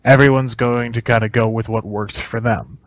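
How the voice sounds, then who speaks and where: A man co-hosting a podcast, talking casually and reflectively, pausing and searching for words. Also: medium pitch, fairly even intonation, no echo, rough recording. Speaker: podcast co-host. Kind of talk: casual conversation.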